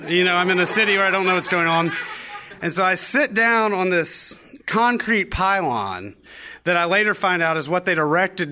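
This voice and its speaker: A man's voice: fairly high pitch, bright, forceful tone. A young man telling a funny personal story on stage, wry and self-mocking, acting out the lines he quotes. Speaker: live storyteller. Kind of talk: live personal storytelling to an audience. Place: live venue stage.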